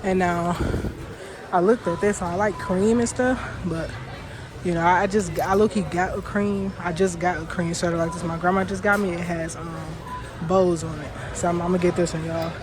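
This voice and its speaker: A woman's voice: fairly low pitch, fairly even intonation, moderate pace, background noise. A young woman vlogging while she walks, chatting easygoing with her viewers, laughing often and calling them y'all. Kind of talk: casual vlog chat to viewers. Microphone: wearing mics while walking.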